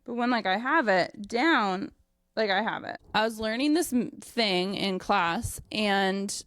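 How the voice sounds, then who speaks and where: A young woman and dog trainer telling a casual story, animated, with many fillers and frequent swearing. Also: mid-range voice, unhurried, dry recording, studio quality. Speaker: dog trainer and company owner.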